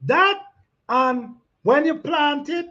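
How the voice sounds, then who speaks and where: A man hosting a gardening chat, reading out comments in a relaxed way, repeating himself and laughing often. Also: very high-pitched, slow. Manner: laid-back, repeats phrases, laughs often. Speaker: gardening channel host. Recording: dull lo-fi sound.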